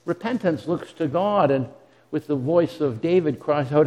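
A man's voice: on the high side, animated, normal speed, dark tone. A man preaching a sermon in an earnest way, often repeating words as he restarts. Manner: earnest, repeats words when restarting, dramatic quoted asides. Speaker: pastor. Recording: long hall reverb.

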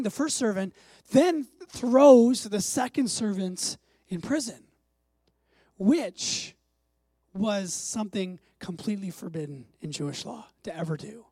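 An emphatic preacher delivers a sermon in a middle-pitched voice, dropping soft and then climbing to loud, urgent stretches. The sound is dry and close, with no room echo. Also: husky. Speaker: pastor.

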